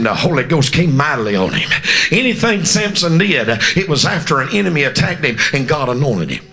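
A man's voice: fairly high pitch, sing-song, brisk, fairly bright tone. A man with a Southern Georgia accent preaching a live revival sermon in church, chanting his phrases with rhythmic "uh" breaths and calling out to the congregation. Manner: calls out to the congregation for responses. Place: church during a revival service.

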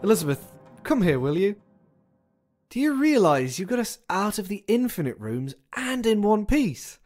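A woman voicing a motherly, sentimental operating system inside a phone in a video game, speaking in a slow, doting way. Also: mid-range voice, big pitch swings, a little mellow, faint music behind. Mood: emotional. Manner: slow, doting, easily moved.

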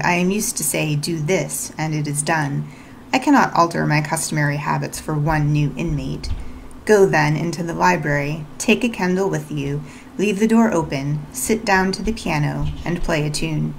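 A woman reading the lines of a brusque, commanding gentleman from a storybook read-aloud. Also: deep voice, normal speed, vocal fry, slight background noise, rough recording. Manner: curt, questioning, commanding. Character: brusque commanding gentleman, middle-aged man.

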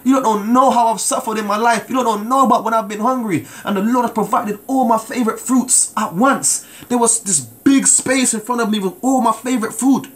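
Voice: mid-range voice, a little fast, few pauses. Preacher telling a testimony, emphatic, stumbles and repeats words, keeps asking the crowd for amen. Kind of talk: sermon with personal testimony.

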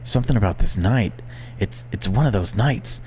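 A man's voice: on the low side, lively intonation, normal speed, darkish tone, slight background noise, close to an everyday voice. A man doing a jittery stammering caller. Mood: nervous. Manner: nervous, stammering. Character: jittery young male night-owl caller.

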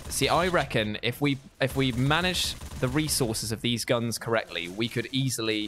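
A woman's voice: very deep voice, normal speed. A young woman co-hosting a game livestream, frantic, swearing and joking at herself. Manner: frantic, swears, self-mocking. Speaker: livestream co-host. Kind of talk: gameplay chat. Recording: faint background noise.

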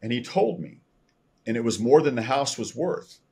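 Husky man telling a story. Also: mid-range voice, normal speed. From Texas. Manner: animated storyteller acting out quoted dialogue. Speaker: guest telling his conversion story. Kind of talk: storytelling interview.

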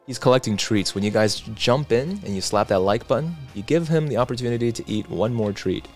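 Male streamer, low voice, laid-back chat reader, faint background music. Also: moderate pace, few pauses. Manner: relaxed, reads chat aloud, chatty asides. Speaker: livestream host. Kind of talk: casual livestream chat reading comments.

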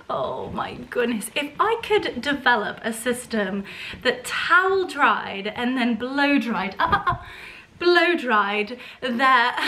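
A young woman with a bright, high voice talks at a slow, easy pace. She is bubbly and affectionate, laughing often and cooing at her dogs. She is recorded in a home kitchen on a camera resting on the counter. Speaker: lifestyle vlogger. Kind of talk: casual vlog chat. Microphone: camera set on a counter.

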